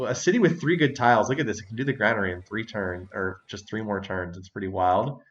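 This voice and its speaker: A man's voice: fairly low pitch, dull audio. Chatty man musing over a strategy game. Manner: chatty, laughs often, thinks aloud. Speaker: let's-play host. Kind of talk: casual gameplay commentary.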